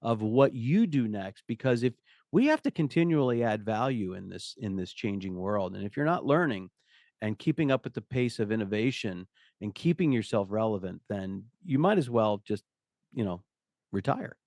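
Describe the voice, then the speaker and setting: Animated middle-aged man telling stories. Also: fairly low pitch, normal speed, dry recording, clean studio sound. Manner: animated storyteller, acts out quotes. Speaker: guest, company CEO. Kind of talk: conversational podcast interview.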